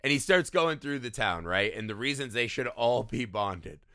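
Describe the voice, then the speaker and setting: A man's voice: mid-range voice, expressive, normal speed, pushed and bright, dry recording, studio quality. A man co-hosting a casual film discussion, loose and profane, who keeps tagging his points with "right?". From small-town America. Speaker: podcast co-host.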